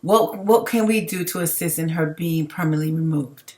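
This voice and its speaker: Outspoken woman, low voice. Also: normal speed, darkish tone. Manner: outspoken, emphatic, laughs between points. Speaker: livestream commentator. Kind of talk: casual commentary reading viewer comments.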